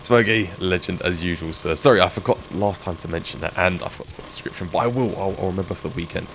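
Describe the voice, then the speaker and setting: A man's voice: low-pitched, fast talker, vocal fry, fairly bright tone, poor audio. A man chatting and joking with viewers while he streams a game. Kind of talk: live gameplay stream chat. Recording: game sound noise behind.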